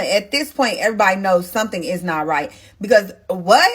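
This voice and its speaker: A woman vlogger narrating a personal story to her viewers in a casual, emotional, animated way, often talking to them directly. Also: medium pitch, fairly quick, breathy edge.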